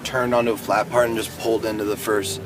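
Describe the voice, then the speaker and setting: A man's voice: on the low side, level tone, quick pace, recorded from a distance, noisy background. Laid-back man telling road stories. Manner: laid-back, rambling, laughs often. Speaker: band member. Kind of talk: casual storytelling in an interview. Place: inside a parked van outdoors.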